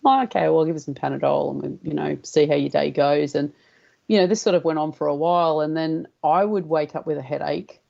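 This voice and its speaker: A woman's voice: low voice, a little fast, gravelly, warm tone, highs cut off. An Australian woman, a guest on a radio chat, telling stories and acting out the dialogue in them. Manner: storytelling, acting out her own quoted dialogue. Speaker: guest healer.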